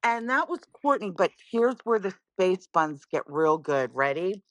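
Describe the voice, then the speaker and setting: A middle-aged woman tells a story on a podcast, excited and acting out the people she quotes. Her voice sits a little low. The recording is close and dry, with no room sound. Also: a little slow, dry recording. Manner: animated, acts out quoted voices. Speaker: podcast guest. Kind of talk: casual storytelling chat.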